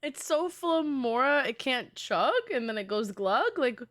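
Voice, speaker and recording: Young woman streamer, excitable and giggly, pleading with chat; high, very lively voice. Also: unhurried. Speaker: game streamer. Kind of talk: live gaming stream chat.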